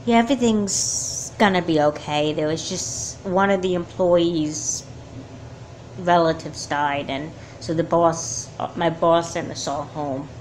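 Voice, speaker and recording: Woman doing a calm, gentle mother. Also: fairly low pitch, measured pace, slight background noise, lightly acted, poor audio. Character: gentle mother of two girls.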